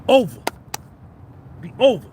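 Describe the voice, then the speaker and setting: A man's voice: a little slow, a little mellow, slight background noise. A man with a New Jersey accent, hosting a casual livestream and rambling with viewers in profane banter. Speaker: livestream host.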